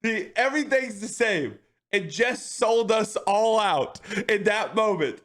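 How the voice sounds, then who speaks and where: A man's voice: high voice, measured pace. A man livestreaming, telling a long funny story to his chat in a casual, profane way, laughing often and tacking "okay?" onto his sentences. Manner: animated, profane, keeps checking in with "okay?".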